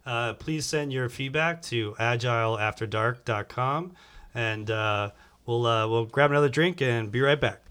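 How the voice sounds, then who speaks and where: A man's voice: mid-range voice, measured pace, fairly bright tone, smooth. A man co-hosting a casual podcast from a living room, easygoing and agreeable, often chiming in with short affirmations. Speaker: podcast co-host.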